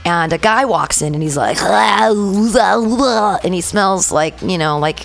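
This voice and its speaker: A woman hosting a radio talk show tells a lively story and acts out each quoted line. Her voice sits low and has a gravelly fry. Soft music plays faintly behind her. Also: moderate pace. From San Francisco. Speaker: radio station host. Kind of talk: casual storytelling chat.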